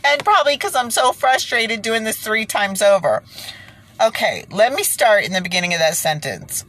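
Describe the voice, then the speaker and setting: A woman's voice: medium pitch, very animated, normal speed, fairly bright tone. A woman ranting in online commentary and reading passages aloud, stumbling and restarting, foggy from being sick.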